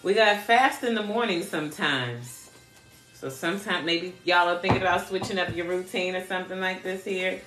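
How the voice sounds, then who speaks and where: Her voice sits on the low side, moving at a moderate pace with a fairly bright tone in a reverberant space, faint music playing behind. This spiritual card reader keeps her live reading casual, talking bluntly with profanity, laughing a lot and chatting with viewers.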